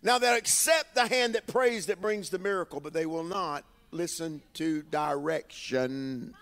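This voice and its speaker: A man's voice: a little high, a bit bright, soft background music. Man preaching in a reverberant hall. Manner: emphatic call-and-response preaching, drawn-out phrases. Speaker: bishop preaching. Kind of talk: sermon. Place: church sanctuary with congregation.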